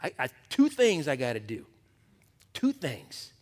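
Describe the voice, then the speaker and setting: A pastor preaching to a men's Bible study, animated and throwing questions to the group. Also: male voice, medium pitch, unhurried, in a large hall.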